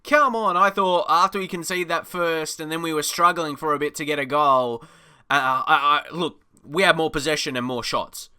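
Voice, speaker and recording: An Australian man giving casual, excitable commentary over a football management game, chatty and laughing often. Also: on the high side, normal speed, clean tone. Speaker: gaming YouTuber.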